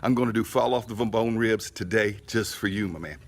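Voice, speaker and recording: A man's voice: lowish voice, fairly quick, vocal fry. A middle-aged man, telling a rambling story casually in his barbecue vlog, outdoors by his smoker. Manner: folksy, rambling, chatty storyteller. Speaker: barbecue channel host.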